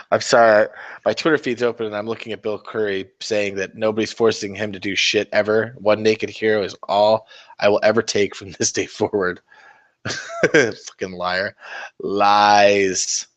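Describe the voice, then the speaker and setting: A man's voice: on the low side, level tone, moderate pace. A man hosting a casual miniature-painting livestream, rambling and swearing in a self-mocking way as he talks to viewers. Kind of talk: casual live-stream chat while painting.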